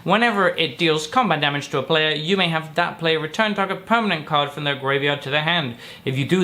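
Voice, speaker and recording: A man with a bright, forceful voice that sits a little high for a man. He reviews trading cards in an upbeat, casual way, reading out each card's rules and then reacting to them. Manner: upbeat, reads card text then reacts. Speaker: card game reviewer. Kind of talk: casual card review commentary.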